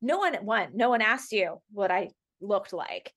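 A woman's voice: medium pitch, expressive, measured pace, fairly bright tone. A woman from Los Angeles, a guest on an interview podcast, speaking emphatically and acting out what others said to her. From Los Angeles, USA. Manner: emphatic storytelling, acting out quoted remarks. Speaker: podcast guest, actor and activist. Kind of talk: conversational interview.

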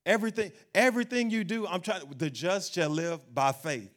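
A man preaches with lively energy, and his voice sits a little higher than most men's. He acts out the worried voices of doubters and laughs now and then. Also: moderate pace. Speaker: pastor. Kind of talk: sermon.

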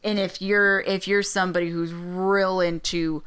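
A woman's voice: on the low side, level tone, unhurried, a bit bright, clean tone. A woman co-hosting a podcast in casual chat, blunt and sarcastic with a joking edge. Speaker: podcast co-host.

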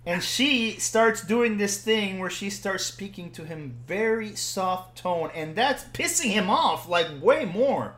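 High-voiced storytelling man, roomy echo. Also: takes it slowly, hardly any pauses, a little hiss or hum. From Puerto Rico. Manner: animated, builds to loud bursts when excited. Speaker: podcast host telling a story. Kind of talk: casual storytelling chat. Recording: roomy echoing room.

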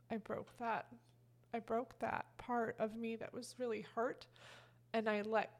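A woman co-hosting a podcast, talking in a casual, emotional way and rambling with many fillers. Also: fairly high pitch. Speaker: podcast co-host. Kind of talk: casual heartfelt chat.

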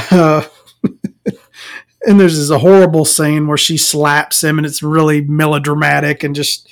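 Profane, ranting man with a higher voice. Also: level tone, a little slow. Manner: profane, sarcastic, laughs at own jokes. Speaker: movie reviewer. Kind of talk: rambling movie rant. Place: home recording, eating and drinking.

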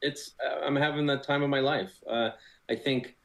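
A man guesting on a podcast, relaxed and thoughtful, speaking with frequent fillers. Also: medium pitch, normal speed, gravelly, rough recording. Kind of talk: casual interview chat.

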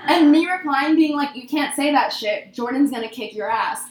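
A young woman in casual chat, an animated storyteller who swears freely, recorded in an echoey room. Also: sits high, moderate pace.

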